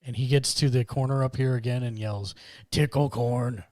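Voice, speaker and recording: A man acting as game master, narrating a tabletop game with quick practical asides. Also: medium pitch, steady tone, no room sound.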